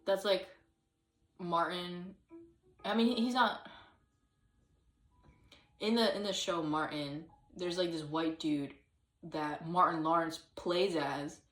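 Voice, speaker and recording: A woman's voice: on the low side, takes it slowly, long pauses, fairly bright tone, reverberant, recorded from a distance, soft background music. A woman chatting casually to camera, rambling with lots of fillers and hesitant restarts, now and then breaking into sung or acted snippets. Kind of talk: casual solo vlog chat.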